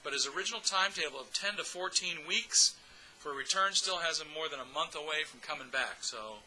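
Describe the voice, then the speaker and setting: A man's voice: fairly high pitch, lively intonation, brisk, bright, forceful tone, slight background noise, poor audio. A man hosting a casual fan podcast, chatty and upbeat, speaking straight to his audience. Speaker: podcast host.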